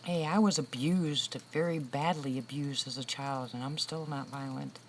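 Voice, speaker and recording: An older woman in her sixties with a notably low voice, chatting casually with her livestream viewers. She tells stories in a relaxed, talkative way and laughs often. A faint hiss of background noise sits under her voice. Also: normal speed, poor audio. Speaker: livestream host. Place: room with a loud air conditioner.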